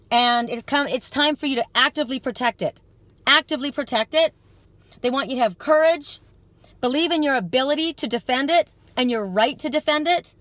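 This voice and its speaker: A woman's voice: high-pitched, fairly bright tone, no room sound. A woman giving a live psychic card reading to her viewers outdoors at dusk, talking in an earnest, rambling, spiritual way.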